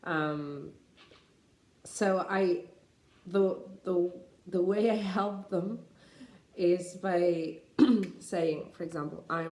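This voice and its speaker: A native Spanish speaker with a Spanish accent, this English teacher gives pronunciation tips in an unhurried way, using many fillers and restarts. Her voice is fairly low with a darkish tone, and the recording sounds roomy.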